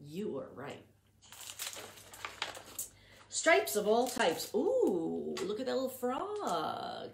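A woman's voice: medium pitch, reverberant, noisy background. A woman librarian reading a picture book aloud to young children, chanting patterns in a sing-song and asking them questions.

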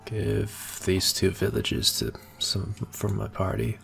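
A man's voice: lowish voice, flat delivery, slow pace, creaky, a bit bright, faint music behind. A man giving casual, rambling gameplay commentary as a channel host, thinking aloud and laughing now and then. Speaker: gaming YouTuber.

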